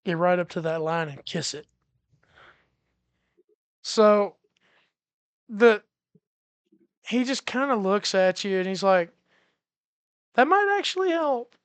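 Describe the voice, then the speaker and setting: A game master narrating a sci-fi tabletop session slowly and easily, taking time over each scene. The voice is very smooth and clear. The sound is close and dry. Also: medium pitch, no echo. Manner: relaxed, laughing, explains freely.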